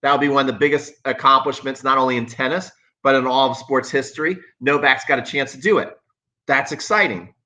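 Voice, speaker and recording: A man's voice: mid-range voice, fairly quick, pushed and bright, rough recording. A man hosting a live tennis stream, talking in a sarcastic, emphatic way and repeating himself for effect. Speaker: tennis coach and channel host.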